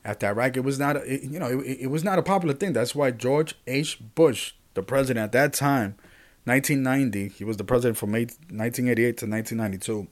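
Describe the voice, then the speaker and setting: A man's voice: mid-range voice, fast talker. A man hosting his own podcast, talking casually and animatedly in a rambling monologue, often restarting sentences and speaking to his listeners. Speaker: podcast host.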